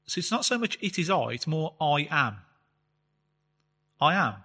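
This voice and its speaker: A man giving a chatty Bible teaching talk, reading scripture slowly and explaining it with fillers. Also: on the high side, sing-song, sharp tone, husky. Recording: long reverb, hall-like space.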